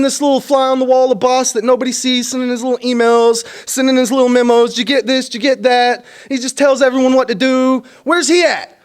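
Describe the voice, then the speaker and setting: A man cutting a wrestling promo as a wrestler, boastful and dismissive, complaining about his matches. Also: very high voice.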